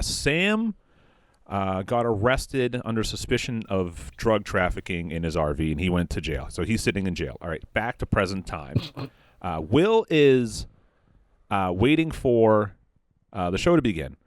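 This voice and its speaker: A low-voiced man spins an improvised story on a comedy podcast, his pitch swinging widely as he rambles through fillers and jumps into quick quoted voices. The sound is close and dry, with no room around it. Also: very animated, dry recording.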